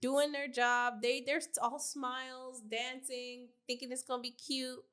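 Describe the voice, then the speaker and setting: A woman co-hosting a podcast, recapping a reality show in slangy, animated casual chat. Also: high-pitched, a little slow, clear, resonant tone. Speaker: podcast co-host.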